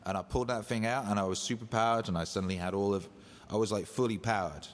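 A man hosting a casual livestream, hyped and loose, swearing and shouting out viewers. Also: fairly low pitch, steady tone, fast talker. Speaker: livestream host. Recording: echoey room with long reverb.

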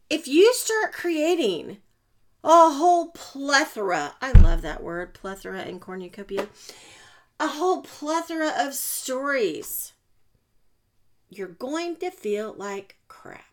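A woman hosting a motivational podcast, chatty and self-mocking, with sudden loud bursts. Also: high voice, animated, a little slow. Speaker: podcast host and coach.

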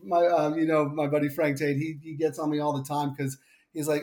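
Man, Long Island accent, racing handicapper, relaxed rambling talk, a bit high-pitched. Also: quick pace. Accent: Long Island New York. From Long Island, New York. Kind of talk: casual analysis chat.

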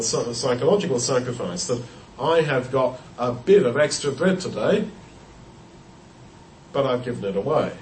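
A man's voice: medium pitch, a little hiss or hum. A man explaining a Bible passage in an unscripted teaching talk, thoughtful and explanatory, often restarting and repeating words. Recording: roomy echo, heard from a distance.

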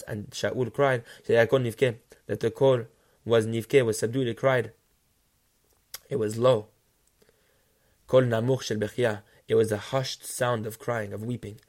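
A man teaching a text-study lesson, reading passages quickly and translating them phrase by phrase with earnest, enthusiastic commentary. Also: medium pitch, darkish tone. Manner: reads passages rapidly, then translates phrase by phrase. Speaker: Torah teacher.

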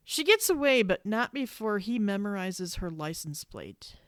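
A woman's voice: mid-range voice, very animated, measured pace, dry recording, studio quality. A woman co-hosting a podcast in casual chat. She swears freely and acts out her own exasperated reactions. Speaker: podcast co-host.

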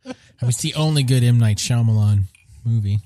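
A man chatting casually about a film, getting excited and jumping up in pitch when he quotes his own reactions. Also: brisk, no echo. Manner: excitable, swings up when quoting himself. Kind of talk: casual chat.

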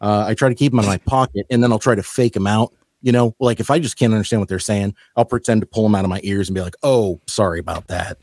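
A man chatting on a podcast, telling wry stories in an easy, relaxed way. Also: fairly low pitch, fast talker, hardly any pauses, no room sound, studio quality. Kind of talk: casual chat.

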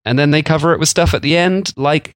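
A man's voice: on the high side, fast talker, dry recording. Chatty male podcast host, dry sound. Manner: chatty, jokey, rambling explanations. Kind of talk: casual chat.

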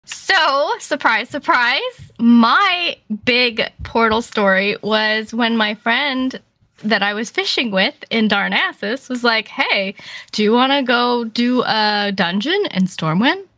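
A woman telling a casual story on a podcast, acting out her own past reactions in an animated way. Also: a little high, slow pace, dry recording. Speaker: podcast guest.

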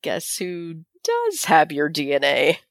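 A woman's voice: deep voice, huge pitch swings, slow, creaky, no echo, clean studio sound. A woman co-hosting a casual podcast, giving emphatic opinions with laughs, recovering from the flu. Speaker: podcast co-host. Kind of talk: casual recap chat.

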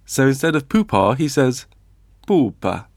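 Man, podcast co-host, lowish voice, playful, stumbling restarts, dry close sound. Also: normal speed, dry recording. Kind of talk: casual chat.

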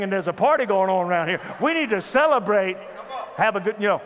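A man telling a funny personal story from the pulpit in a sermon, animated and comic. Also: high-pitched, a little fast, lo-fi sound, slight background noise. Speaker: pastor. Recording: reverberant hall with faint ambience.

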